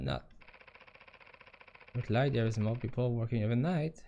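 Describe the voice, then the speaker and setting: Slow-talking French-accented man streaming a game. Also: medium pitch, darkish tone. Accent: Quebec French. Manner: reads game text aloud with musing asides. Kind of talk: live game commentary.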